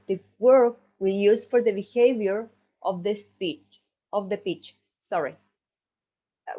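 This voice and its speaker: Woman student presenter, non-native, halting and self-correcting, slow delivery. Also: mid-range voice, dark tone. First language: Spanish. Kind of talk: recorded class presentation. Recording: dull lo-fi audio.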